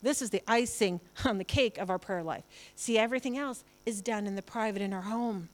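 A woman's voice: medium pitch, fairly quick. A woman pastor preaching a sermon in church, conversational and emphatic, often acting out quotes.

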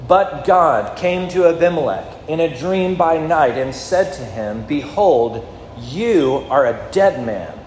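A man's voice sits a little high for a man as he preaches, with long reverb trailing through a large hall. He talks to his listeners in a conversational way and keeps asking them questions, with a faint ambience behind him. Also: darkish tone, slight background noise. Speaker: pastor. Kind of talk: sermon.

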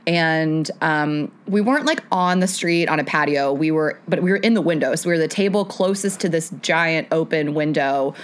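A woman's voice: low voice, normal speed, few pauses. A woman co-hosting a podcast in casual chat, telling a story with lots of laughter. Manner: animated storyteller, laughing often. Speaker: podcast co-host.

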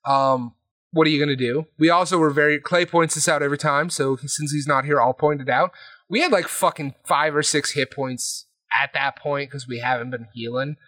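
Guy podcasting about his tabletop session, kinda high voice, very dry mic, keeps swearing and doing the other players' lines. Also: brisk, dry recording. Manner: animated, swears often, acts out quotes. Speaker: podcast co-host recapping a tabletop game. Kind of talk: casual chat.

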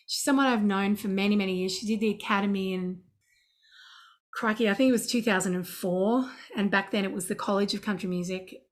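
A woman in middle age talks through her songwriting in a relaxed interview, her voice pitched in an ordinary middle range. She tells stories in a lively, chatty way, full of asides and restarts. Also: a little fast. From Australia. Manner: chatty and animated, breaking into sung scat syllables. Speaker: songwriter guest. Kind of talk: casual interview chat.

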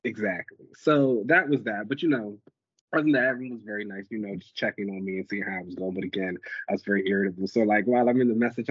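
A man co-hosts a podcast in casual chat, his husky voice still congested from the flu. He tells stories expressively and acts out what others said. The sound is dry and dull. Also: on the low side, fairly even intonation, fast, dry recording. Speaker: podcast co-host.

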